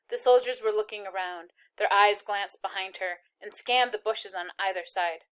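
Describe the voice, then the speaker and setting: A woman's voice: mid-range voice, normal speed, few pauses, a bit bright, clear, resonant tone. Woman reading a novel aloud. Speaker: reader.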